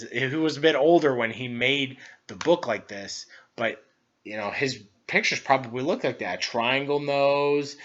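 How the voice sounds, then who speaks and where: Male teacher reading-lesson host, bright voice, simple filler-heavy explaining, dull lo-fi sound. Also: medium pitch. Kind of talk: children's book review for students.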